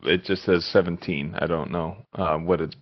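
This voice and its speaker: A man playing a tabletop game over voice chat, talking in halting, unsure bursts. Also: low-pitched, fairly even intonation, dry recording, lo-fi sound. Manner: hesitant, halting. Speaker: player. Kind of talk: casual chat.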